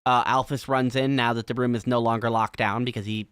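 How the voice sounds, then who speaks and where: A man's voice: medium pitch, little pitch movement, a little fast, a bit bright, smooth, no echo, clean studio sound. A man hosting a casual chat, explaining a video game's events step by step. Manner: explanatory, walks through game events step by step. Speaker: podcast host.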